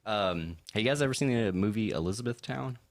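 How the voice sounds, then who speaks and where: Deep voiced kentucky dude rambling on a podcast, swears a bunch. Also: male voice, lively intonation, a little fast, background noise. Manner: rambling storyteller, swears freely. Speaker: podcast guest. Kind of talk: casual podcast chat.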